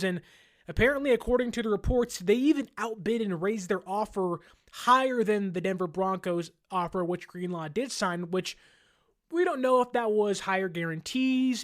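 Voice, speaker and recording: A man hosting a sports podcast, talking casually and laughing often, sometimes mimicking fans in exaggerated voices. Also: sits high. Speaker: podcast host.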